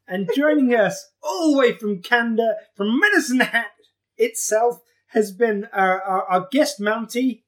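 Podcast host, casual chat, laughs a lot, swears, middle pitch. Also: expressive, unhurried.

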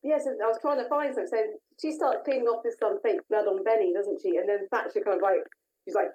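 A woman's voice: mid-range voice, fairly even intonation, fast, dark tone, muffled recording, slight background noise. A woman co-hosting a casual podcast from her home over a video call, chatty as she recaps an episode. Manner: chatty, recapping with laughs and fillers. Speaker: podcast co-host. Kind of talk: casual chat. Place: own home.

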